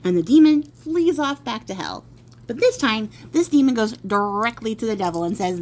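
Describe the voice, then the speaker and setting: A woman's voice: mid-range voice, lively intonation, moderate pace, darkish tone, slight background noise. A woman telling a folk tale in a casual, chatty way, with playful asides. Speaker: storyteller. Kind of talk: casual spoken storytelling.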